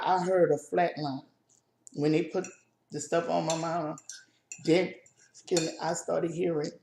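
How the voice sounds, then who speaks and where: A woman co-hosting a casual chat video, telling a personal family story in a halting, emotional way with many restarts. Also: low voice, darkish tone, roomy sound, slight background noise. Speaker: co-host.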